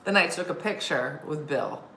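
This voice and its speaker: A woman's voice: low voice, normal speed, pushed and bright. A woman comedian hosting a casual live-stream chat, telling stories and reading viewer comments aloud. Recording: roomy sound with faint background noise.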